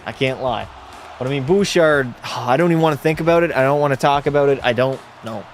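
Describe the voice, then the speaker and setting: A young man hosting a live hockey watch party, calling plays and bantering bluntly with his chat. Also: mid-range voice. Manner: blunt, chatty, reacts to chat with jokey banter. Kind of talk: casual live-stream chat and play-by-play.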